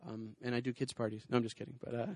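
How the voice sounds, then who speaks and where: A man's voice: medium pitch, flat delivery, racing, a little mellow, no echo. A middle-aged man doing stand-up comedy on stage, rambling with self-deprecating asides and bantering with the audience. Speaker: comedian and cartoonist. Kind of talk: stand-up comedy with crowd work. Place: small hot venue with a spotlight.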